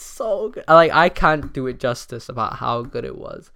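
A man's voice: a little high, normal speed, hardly any pauses, sharp tone, clean tone, no room sound, studio quality. A young man hosting a casual solo podcast, talking loosely with lots of fillers and frequent swearing. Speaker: podcast host.

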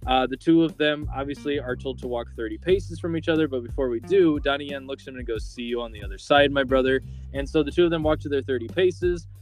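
A man's voice: on the high side, quick pace, hardly any pauses, a little mellow, faint music behind. Casual man rambling through a movie recap. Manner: rambling, filler-heavy storytelling. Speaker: podcast host.

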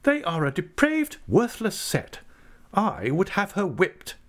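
A man's voice: wildly swooping pitch, slow, full character voice. A man playing a venomous, scornful young woman. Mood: venomous rage. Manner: venomous, vehement, low-voiced rage. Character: scornful furious young woman, cold hatred.

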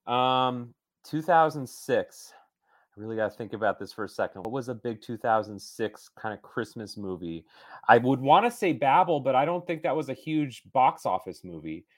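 A man of middle pitch co-hosting a loose movie podcast. He cracks jokes and reasons out loud as he guesses, in an easy, conversational way. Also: animated, moderate pace. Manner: joking, thinks aloud. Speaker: podcast co-host, trivia contestant. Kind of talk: casual podcast chat.

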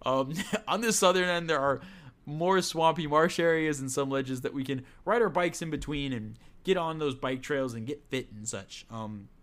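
A man's voice: on the high side, moderate pace, fairly bright tone. A man co-hosting a casual chat, recapping a video game with sarcastic jokes and frequent laughs. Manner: joking, sarcastic, laughs often. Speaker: podcast co-host.

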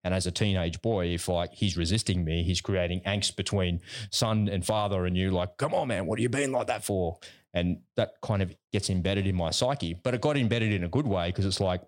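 A man's voice: low-pitched, normal speed, hardly any pauses. A middle-aged man in a casual podcast chat, telling personal stories in a conversational way. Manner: storytelling, conversational.

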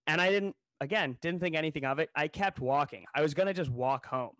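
A man spins a funny anecdote in casual podcast chat, slipping into voices for the people he quotes. His voice sits a little high for a man. The sound is dry and close, with no room around it. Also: quick pace, hardly any pauses, dry recording. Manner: animated, jokey storyteller who acts out quotes. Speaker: podcast co-host. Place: New York City.

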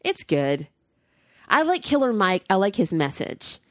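A woman's voice: medium pitch, very animated, measured pace, dry recording, studio quality. A woman co-hosting a casual chat show, talking loosely with frequent fillers and laughs. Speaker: podcast co-host.

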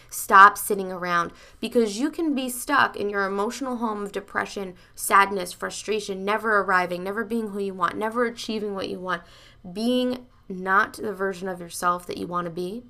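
A woman's voice: medium pitch, normal speed, sharp tone. A woman hosting a motivational podcast, speaking emphatically and bluntly, swearing freely and addressing her listeners directly. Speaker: podcast host and coach.

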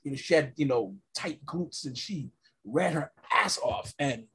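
Husky-voiced New podcast host. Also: medium pitch, measured pace. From New York. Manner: animated, rambling, many fillers and restarts. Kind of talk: casual chat.

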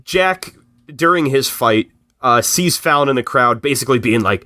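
In a casual podcast conversation, a man recaps a film with animated storytelling, quickly slipping into voices for the characters. He speaks at a medium pitch.

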